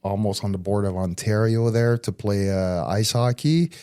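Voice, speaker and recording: Lively man from Montreal telling stories. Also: fairly low pitch, moderate pace, clear, resonant tone, no room sound, studio quality. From Montreal, Canada. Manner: animated, laughing storyteller. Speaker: podcast guest, former hockey player. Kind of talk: casual storytelling. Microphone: podcast studio mic.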